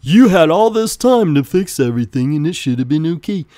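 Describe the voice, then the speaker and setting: A man's voice: fairly high pitch, sing-song, brisk, dark tone, dry recording, studio quality. A man voicing a bossy male mayor who talks in a sneering, exasperated way. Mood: scornful. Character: scornful male city mayor, bossy and dismissive.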